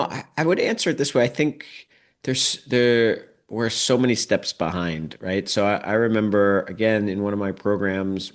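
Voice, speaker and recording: A middle-aged man with a fairly low voice, speaking as a podcast guest. He tells stories with animation and drops in "like" and "right?" as he goes. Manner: animated storyteller with frequent "like" and "right?". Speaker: podcast guest, dads' program leader. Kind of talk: conversational interview.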